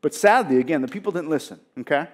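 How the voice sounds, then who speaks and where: A male pastor delivers a sermon in a fairly high voice that swings up and down with lively expression. He preaches emphatically and keeps turning to the congregation with rhetorical questions. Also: fast.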